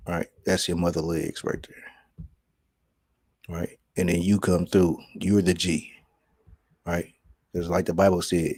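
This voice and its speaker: A man with a somewhat low voice talks straight to the camera in a loose monologue. He sounds preachy and keeps pausing to check that the listener is following. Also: level tone, a little mellow, husky. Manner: preachy, keeps asking "right?". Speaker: vlog host. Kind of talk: casual conspiracy monologue.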